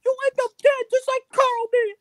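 A man playing a tiny, tough-talking street gangster in a high, squeaky voice, full of threats and slang. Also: little pitch movement, normal speed, no room sound, studio quality. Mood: menacing swagger.

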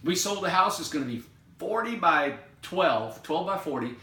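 Middle-aged builder talking off the cuff; earnest, repeats himself for emphasis; sharp, bright voice, roomy echo. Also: male voice, a little high, animated, moderate pace. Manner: earnest, rambling, emphatic repetition. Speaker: owner and builder of a tiny home company. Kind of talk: unscripted live video monologue. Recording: echoey room.

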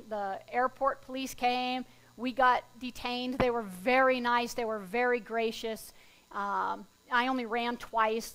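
High-voiced woman preaching with lively stories. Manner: lively storytelling, self-deprecating humor. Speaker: pastor. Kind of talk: sermon with personal stories. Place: church sanctuary.

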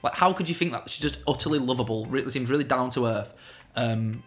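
A man's voice: medium pitch, slight background noise. Chatty, opinionated man. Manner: chatty, opinionated, quick to joke. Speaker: film review co-host. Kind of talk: casual film discussion.

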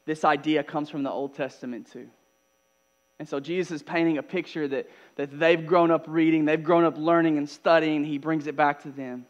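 Pastor, man, fairly high voice, preaching loud then hushed, faint mains hum. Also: fairly even intonation, moderate pace, lo-fi sound. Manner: swings from loud emphatic preaching to soft, hushed asides. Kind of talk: sermon. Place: church.

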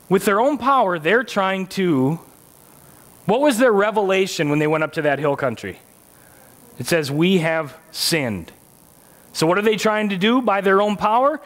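High-voiced man preaching a casual sermon. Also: fairly bright tone. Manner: conversational, joking, asks the audience rhetorical questions. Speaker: pastor. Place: church.

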